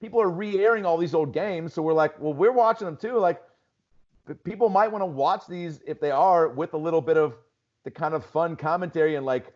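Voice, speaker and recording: A man's voice: a little high, brisk, muffled recording. A man from Seattle, a stand-up comedian, chatting loosely as a podcast guest, full of "dude" and "like". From Seattle, USA. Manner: loose storytelling, lots of "dude" and "like". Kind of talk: casual podcast chat.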